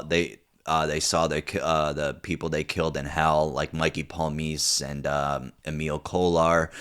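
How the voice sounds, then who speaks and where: A man's voice: rumbling low, a bit bright, clear, resonant tone. A young man reviewing a TV show in casual, rambling commentary, swearing freely and full of fillers and restarts.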